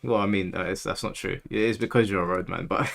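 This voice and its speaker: A man's voice: sits low, fairly even intonation, quick pace, vocal fry, fairly bright tone. A man in his thirties from London with a London accent, hosting a livestream and chatting casually with viewers, rambling through stories and acting out quoted speech. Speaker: livestream host.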